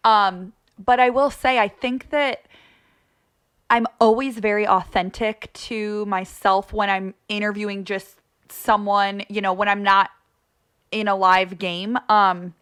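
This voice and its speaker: A woman's voice: mid-range voice, fairly even intonation, slow, fairly bright tone, clean tone. Upbeat talkative young woman. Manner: upbeat, talkative, laughs easily. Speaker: sports broadcaster guest. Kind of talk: casual podcast conversation.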